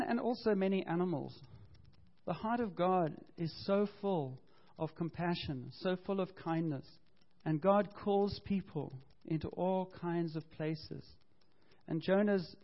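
Lively pastor preaching, lo-fi sound. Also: male voice, fairly high pitch, a little slow. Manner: animated storytelling with voiced quotes and self-corrections. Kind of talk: sermon. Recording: dull lo-fi sound.

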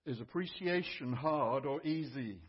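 A man's voice: mid-range voice, measured pace, slightly rough, dull audio. A male pastor giving a sermon in a conversational teaching manner.

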